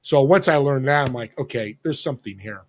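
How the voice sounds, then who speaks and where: A man in his sixties from Northern California, a podcast guest telling a story in an animated way and acting out the people he quotes. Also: mid-range voice, brisk, slight background noise. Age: 60s. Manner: animated, acts out quoted dialogue. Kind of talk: casual storytelling.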